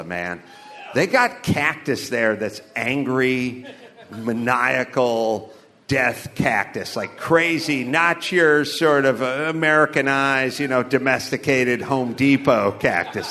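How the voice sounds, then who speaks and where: A man's voice: medium pitch, bright, forceful tone. A middle-aged man telling crude, rambling comedy stories, laughing at his own jokes. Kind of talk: loose stand-up storytelling.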